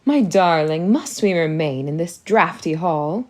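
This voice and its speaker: A woman's voice: low voice, animated, measured pace, darkish tone. A woman reading an audiobook, voicing a fretful new stepmother with a pouty, whiny manner. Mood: wheedling. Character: bumbling, fretful new stepmother who pouts and wails.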